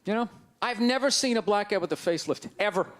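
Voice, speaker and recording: A man's voice: high voice, quick pace. A middle-aged man with a Boston accent doing a brash, ranting stand-up set, mocking the crowd. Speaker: stand-up comedian. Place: comedy stage before a live audience. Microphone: handheld stage mic. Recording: live club recording with crowd noise.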